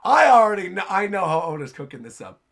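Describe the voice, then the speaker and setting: A man's voice: sits high, big pitch swings, fast talker, vocal fry, a bit bright. A man hosting a livestream and reacting to a manga chapter, enthusiastic as he reads his chat aloud. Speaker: livestream host.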